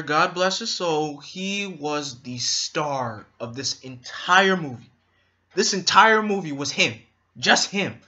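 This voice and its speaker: A man's voice: on the high side, sharp tone, lo-fi sound. A man giving an enthusiastic, rambling movie review in a casual vlog.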